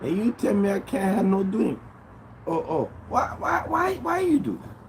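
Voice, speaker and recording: A man doing a drunk Haitian man with a thick Haitian accent, pitched way up and wailing his complaints over and over. He pleads and protests in a high, loud voice. Vehicle noise hums behind him. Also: normal speed, heavily acted. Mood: indignant wailing. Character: drunk indignant Haitian man cut off at a bar. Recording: steady background noise with vehicle sounds.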